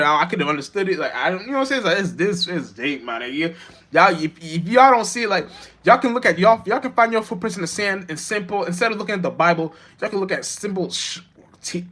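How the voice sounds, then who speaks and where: A man, talking in a rambling, halting spiritual monologue full of restarts and slang, with sudden emphatic bursts. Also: fairly high pitch, bright, forceful tone. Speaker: vlogger.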